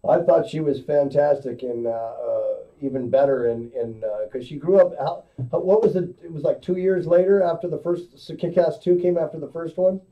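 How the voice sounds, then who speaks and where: A man's voice: on the high side, normal speed, hardly any pauses. A man co-hosting an online radio show in casual chat, rambling and hesitant, laughing easily. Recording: distant lo-fi webcast audio.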